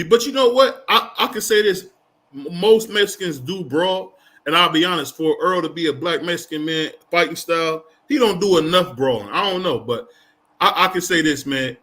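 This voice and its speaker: A man with a slightly high, bright and forceful voice co-hosts a casual sports talk show. He keeps things loose and joking, reads viewer comments aloud, and tacks "man" or "bro" onto his lines. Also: lively intonation, normal speed. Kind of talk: casual chat.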